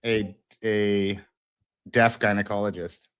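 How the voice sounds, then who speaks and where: Male co-host, lower pitch, playful, quick to laugh, casual market banter. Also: flat delivery, a bit bright, clear, resonant tone. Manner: joking, laughs a lot, reads out headlines.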